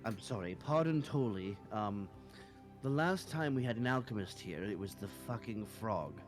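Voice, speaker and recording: A man narrating a tabletop game as game master in a lively manner, quick to laugh. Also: fairly low pitch, loud music behind the voice.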